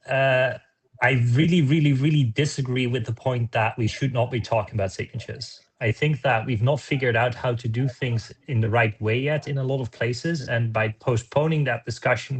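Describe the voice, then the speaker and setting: A man's voice: medium pitch, slightly rough. A man making an earnest argument at an open microphone in a meeting. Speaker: meeting participant.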